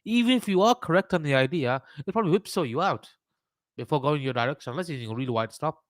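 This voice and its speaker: A man with a Birmingham accent runs a trading livestream, his voice on the high side, animated and quick. He rambles casually through the charts, swearing and joking with his chat, and the studio-quality audio has no echo.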